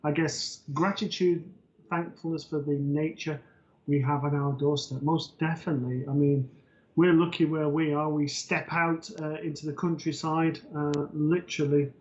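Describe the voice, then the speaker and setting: A man's voice: fairly high pitch, steady tone, normal speed, a little mellow. A man co-hosting a live psychic stream, explaining things steadily with filler ums. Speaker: co-host, psychic medium. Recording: dull lo-fi stream audio.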